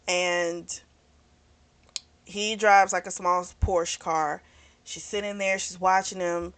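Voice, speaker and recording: Speaking in a lowish, slightly bright voice with no echo, a woman reviews a book by casually recounting its plot. Her delivery is rambling and candid, packed with fillers and self-corrections. She's talkative and doesn't shy away from describing the explicit scenes.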